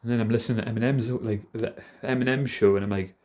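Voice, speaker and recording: A man's voice: mid-range voice, fairly even intonation, quick pace, darkish tone. A man in his thirties with a Geordie accent, rambling casually and self-deprecatingly to camera, swearing a lot. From North East England. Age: 30s. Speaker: vlogger.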